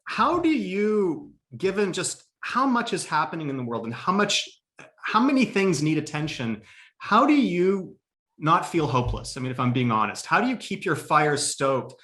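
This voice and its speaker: A man's voice: fairly high pitch, big pitch swings, normal speed, bright, forceful tone. A man, an institute director, hosting and moderating a live online conversation in an upbeat, friendly way.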